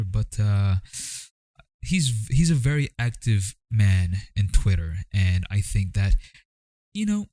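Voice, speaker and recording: Young guy from the philippines riffing in his vlog, lowish mellow voice, kinda wry and rambly. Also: dry recording. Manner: wry, rambling, jokey asides. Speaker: vlogger. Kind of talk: casual commentary vlog.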